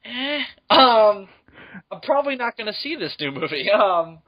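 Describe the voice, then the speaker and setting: A young man with a fairly high voice, chatting on a podcast and breaking into giggles between sweary anecdotes. The recording sounds dull and lo-fi. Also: very animated, moderate pace. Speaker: podcast co-host. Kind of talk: casual podcast chat.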